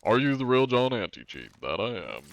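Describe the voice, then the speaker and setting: A deep-voiced man chatting casually while live-streaming a game, laid-back and wry, swearing offhandedly. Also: very animated, normal speed, vocal fry, a bit bright, muffled recording, a little hiss or hum.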